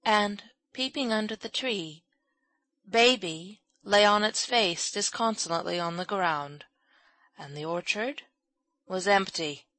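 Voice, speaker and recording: A woman's voice: a little slow, fairly bright tone, no room sound, rough recording. Woman narrating a classic story, dry close mic. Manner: voices characters with raised pitch and volume. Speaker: audiobook narrator. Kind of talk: scripted narration of a classic children's novel.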